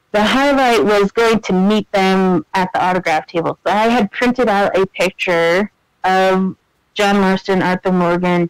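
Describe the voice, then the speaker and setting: A man's voice: high-pitched, clean tone, dry recording, rough recording. A man co-hosting a podcast, telling a story in casual chat with lots of fillers and laughter. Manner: chatty, animated storyteller, many fillers and laughs. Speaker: podcast co-host.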